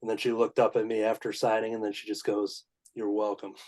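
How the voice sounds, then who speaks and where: A man telling a story in relaxed, casual chat among friends. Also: on the low side, fast talker.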